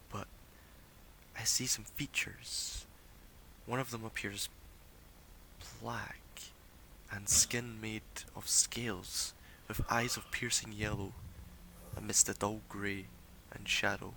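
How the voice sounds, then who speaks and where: Guy doing a whispery creepy male seer reading a vision, flat and slow, whispered role-play. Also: fairly low pitch, slight background noise, heavily acted, low-quality recording. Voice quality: hushed, breathy whisper. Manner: slow, solemn, ominous.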